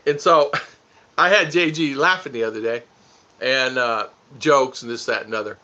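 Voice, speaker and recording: Bright-voiced goofy man on a livestream. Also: medium pitch, normal speed. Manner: goofy, teasing, laughs often. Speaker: livestream host reading viewer comments. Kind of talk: casual livestream chat. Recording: dull lo-fi stream audio.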